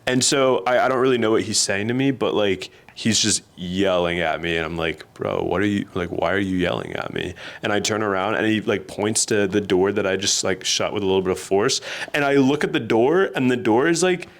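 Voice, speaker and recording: A man co-hosting a podcast, telling stories in a casual, animated way and laughing often. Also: fairly low pitch, a little fast, few pauses. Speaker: podcast co-host. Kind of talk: casual storytelling chat.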